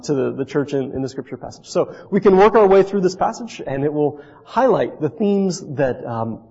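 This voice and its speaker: A man preaching in an earnest, circling way, often restarting his phrases. His voice is gravelly, husky and mellow. It comes through a dull lo-fi recording with a long reverb off the hall. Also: fairly high pitch. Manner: earnest, repetitive, with many restarts. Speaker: pastor. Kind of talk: sermon.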